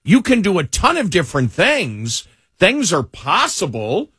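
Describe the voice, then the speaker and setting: A man's voice: high-pitched, wildly swooping pitch, a little slow, fairly bright tone, husky, no room sound, studio quality. A man hosting political talk radio, scornful and emphatic, often repeating himself as he builds a point.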